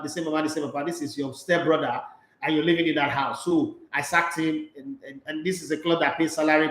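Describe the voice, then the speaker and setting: A Nigerian man talks sports in an animated, preachy monologue, hammering points with repeats. His voice sits high, and it echoes around the room. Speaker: sports show host. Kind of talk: opinionated sports commentary monologue.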